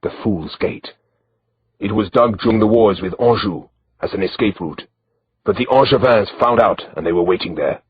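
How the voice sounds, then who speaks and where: A man's voice: on the low side, moderate pace, dull audio, slight background noise, lightly acted. Man voicing a wry guarded guide with a broken accent. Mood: dry.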